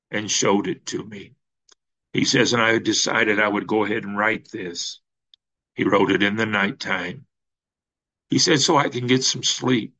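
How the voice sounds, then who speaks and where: Slow, bright-voiced preacher man. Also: fairly low pitch, low-quality recording. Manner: slow halting storytelling with many fillers, rising to emphatic peaks. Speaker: pastor. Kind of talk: sermon.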